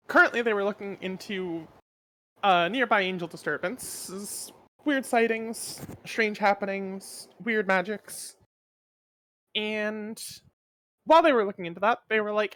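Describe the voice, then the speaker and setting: A woman serving as game master, giving a relaxed, meandering recap of the last session. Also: mid-range voice, a little slow, rough recording.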